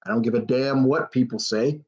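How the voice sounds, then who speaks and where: A man's voice: mid-range voice, a little fast, a little mellow, highs cut off. A young man hosting a casual live question-and-answer stream, rambling and blunt, swearing freely. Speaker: host answering viewer questions.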